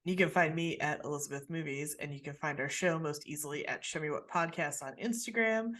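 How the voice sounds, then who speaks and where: A woman hosting a podcast in relaxed casual chat, talking in a rambling, self-deprecating way with many restarts. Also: sits low, a little fast. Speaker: podcast host.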